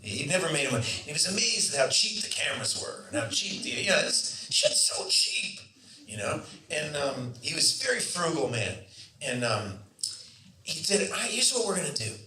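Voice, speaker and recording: Male festival guest telling a story, lively pitch, bright tone, recorded from a distance in an echoey room with faint noise. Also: normal speed. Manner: animated, acts out other people's voices. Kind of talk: anecdotal storytelling. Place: festival Q&A venue. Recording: roomy hall, distant mic, faint noise.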